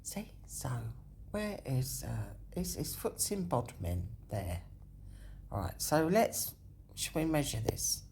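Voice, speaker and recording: A woman's voice: extremely low pitch, very animated, takes it slowly, a little mellow, a little hiss or hum. A woman hosting a video, thinking aloud as she walks through a map. She corrects herself often and sometimes drops into a whisper. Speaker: video host. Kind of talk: rambling walkthrough on a map.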